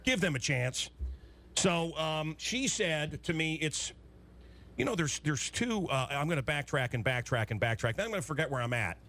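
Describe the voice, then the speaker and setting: A middle-aged man hosting talk radio, ranting in an excitable, rambling way with many restarts and blunt jokes. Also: on the high side, normal speed. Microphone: studio microphone.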